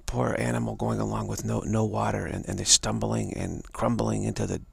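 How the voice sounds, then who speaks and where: A man giving a live spiritual talk, halting and repeating words as he tells a story and acts out the voices in it. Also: lowish voice, flat delivery, gravelly, breathy edge, no echo. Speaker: spiritual teacher.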